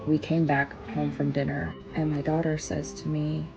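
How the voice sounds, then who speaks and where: A woman telling a personal story in an earnest, emphatic way, pausing on stressed words. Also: low voice, little pitch movement, creaky, highs cut off, music in the background.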